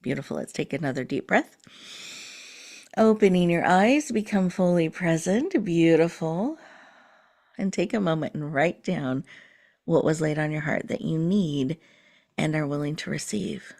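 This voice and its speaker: A woman host leading a slow, soothing guided breathing meditation, sometimes dropping to a whisper. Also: low-pitched, a little mellow.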